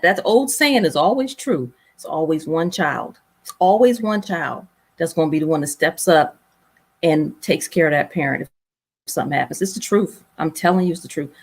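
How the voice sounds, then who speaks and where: Interview guest, woman, lowish voice, earnest faith-driven storytelling. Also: husky. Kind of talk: emotional personal storytelling.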